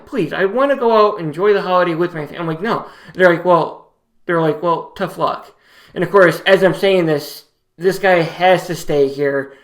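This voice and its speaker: A man's voice: on the high side, fairly bright tone. Man rambling through a personal story. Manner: rambling, many restarts and quoted dialogue. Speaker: vlogger. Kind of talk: casual storytelling.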